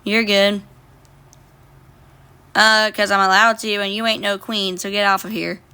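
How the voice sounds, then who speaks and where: A woman's voice: mid-range voice, level tone, a little slow, sharp tone, clean tone. A young woman livestreaming casually from her phone, reading viewer comments aloud and answering them bluntly, with plenty of swearing. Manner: blunt, profane, reads viewer comments aloud and talks back.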